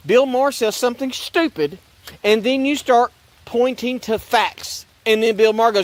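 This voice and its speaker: A man's voice: very high-pitched, normal speed, no echo. A man ranting in a sarcastic, repetitive way about religion and politics, rambling and restarting his sentences. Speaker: online commentator.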